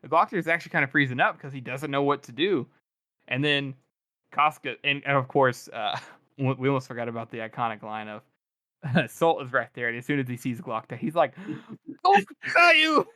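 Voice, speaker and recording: A man's voice: mid-range voice, a little fast, pushed and bright, no echo, studio quality. A male podcast co-host rambling casually as he recaps a book, with plenty of fillers.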